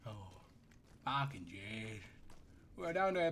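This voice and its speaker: A man's voice: mid-range voice, lively intonation, unhurried, pushed and bright. A man streaming a game, chatting casually, joking, swearing and laughing often. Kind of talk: casual gaming commentary.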